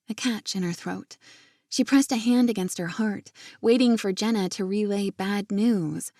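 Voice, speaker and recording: Woman reading a romance audiobook, warm mellow voice, dry close mic, steady gentle pace. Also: mid-range voice, normal speed, no echo. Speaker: audiobook narrator. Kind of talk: scripted audiobook narration.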